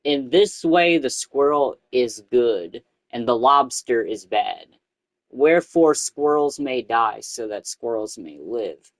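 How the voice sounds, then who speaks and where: A man putting on the slow, grave voice of a cult prophet reading scripture. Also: medium pitch, animated, no echo, pitched below the performer's own voice. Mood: solemn.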